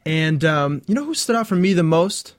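A man's voice: fairly high pitch, expressive, normal speed. A man co-hosting a podcast in casual chat, laid-back and chuckling. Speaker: podcast co-host.

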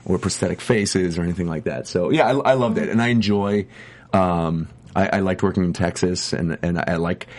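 A man's voice: deep voice, moderate pace, a little mellow. A middle-aged man, an actor chatting as an interview guest, rambling with many restarts and stammers. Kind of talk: casual chat.

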